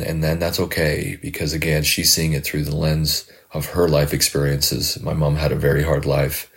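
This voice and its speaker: A very deep voice with vocal fry belongs to a middle-aged man who coaches people and hosts a podcast. He reflects in a heartfelt monologue, pausing and repeating words often.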